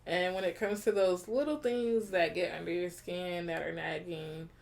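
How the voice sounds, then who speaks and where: A woman's voice: fairly low pitch, fairly even intonation, moderate pace, gravelly, darkish tone. A woman co-hosting a relationship podcast, talking things through in a reflective, casual way, laughing often and rephrasing her points. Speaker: podcast co-host.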